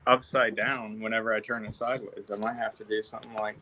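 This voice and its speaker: A man's voice: on the low side, little pitch movement, fast, sharp tone, slight background noise, low-quality recording. A man on a casual group video chat, sounding puzzled as he deals with his camera. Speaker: guest on a modelling video chat.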